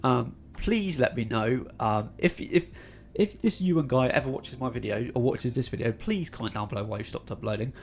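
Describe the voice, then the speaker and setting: A man's voice: mid-range voice, normal speed, darkish tone, a little hiss or hum. Chatty young British man, North London accent. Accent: North London English. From England. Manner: chatty, rambling, many ums and restarts. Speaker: YouTube channel host. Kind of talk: casual Q&A vlog.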